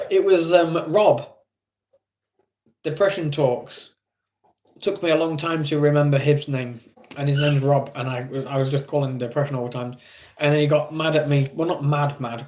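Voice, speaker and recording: A man's voice: fairly high pitch, a little mellow, slight background noise. A man with an English accent streaming live, chatting casually with viewers in a rambling, self-deprecating way.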